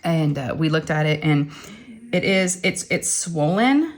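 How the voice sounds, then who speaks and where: A woman's voice: deep voice, expressive, unhurried. A middle-aged woman, chatting casually as a crafting channel host and telling a long story full of acted-out quotes. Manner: rambling storyteller, acts out quotes. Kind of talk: casual chat while crafting.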